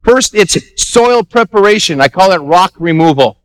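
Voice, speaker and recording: A high-pitched man delivers a Sunday sermon from the pulpit, animated and conversational, acting out little exchanges and repeating words for emphasis. The sound is close and dry, with almost no room echo. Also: normal speed. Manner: animated preaching with acted-out dialogue and repetitions. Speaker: pastor. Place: church sanctuary.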